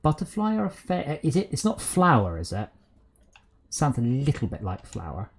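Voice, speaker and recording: A man's voice: mid-range voice, wildly swooping pitch, normal speed, vocal fry, slightly rough. A man hosting a casual gaming stream, chatting and rambling aloud with lots of fillers while he sorts out game problems.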